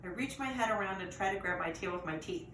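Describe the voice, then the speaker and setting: A woman reading a chapter book aloud to children in a lively way, pausing to ask the listeners questions. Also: mid-range voice. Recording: roomy echo, distant mic, faint noise.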